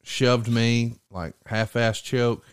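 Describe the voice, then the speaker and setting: A man hosting a podcast in casual chat, retelling stories with lively jumps in voice when quoting others. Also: medium pitch, slow pace, clear, resonant tone, dry recording, clean studio sound. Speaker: podcast host.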